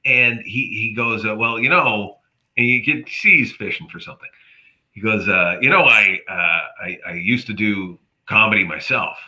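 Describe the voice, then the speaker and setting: A man's voice: fairly low pitch, moderate pace. Man, comedian, storytelling, voices the people in it, dull lo-fi sound. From Canada. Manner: animated, acts out quoted voices. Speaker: comedian guest. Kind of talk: casual storytelling chat. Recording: dull lo-fi audio.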